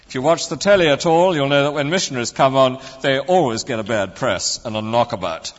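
A man's voice: medium pitch, a little fast, hardly any pauses. A man preaching a sermon in a conversational, wry way, leaning on emphasis. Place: church. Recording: muffled sermon recording in a reverberant church.

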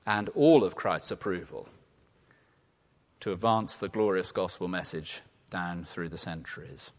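A man from England preaching a sermon, lively and humorous, then dropping to quiet, earnest tones. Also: low-pitched, unhurried. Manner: animated, playful asides and laughter, drops to quiet earnest tones. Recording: long reverb of a large hall.

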